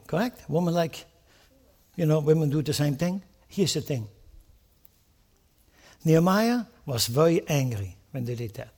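Man, pastor, high-pitched, animated sermon, rhetorical questions. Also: moderate pace, vocal fry, pauses often. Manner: animated preaching with rhetorical questions and acted-out prayers.

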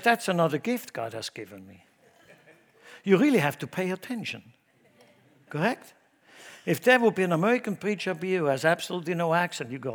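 A middle-aged man, a pastor preaching a sermon in a Midwestern church, swinging between loud exhortation and hushed asides. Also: on the high side, animated, brisk, long pauses.

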